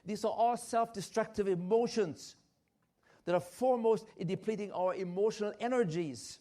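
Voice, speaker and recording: A man's voice: high-pitched, normal speed, warm tone. An older man giving a church health lecture, emphatic and repetitive, with frequent hesitant restarts. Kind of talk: health talk at a church conference.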